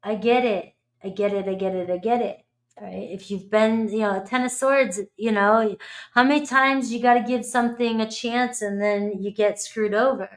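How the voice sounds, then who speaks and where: A woman's voice: medium pitch, fairly even intonation, moderate pace. Chatty middle-aged woman reading tarot. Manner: chatty, blunt, swears casually. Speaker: tarot reader.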